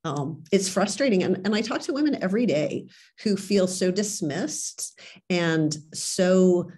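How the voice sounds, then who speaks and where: A woman's voice: lowish voice, lively intonation, a little slow, a little mellow. A woman doctor interviewed as a guest on a podcast, speaking earnestly and conversationally. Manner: earnest, conversational, fond of "like" and "right".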